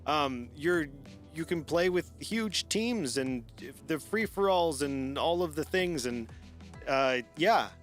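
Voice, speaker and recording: A man's voice: on the high side, expressive, slow pace, faint music behind. A man hosting a live gaming stream in casual chat, laughing often and rambling with restarts.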